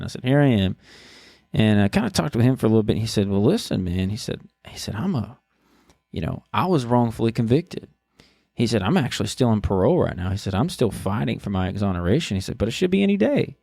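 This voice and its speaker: Low gravelly-voiced man telling a story. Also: darkish tone, no room sound. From Texas. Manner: halting, many restarts and fillers. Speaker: podcast host. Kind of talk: casual storytelling monologue.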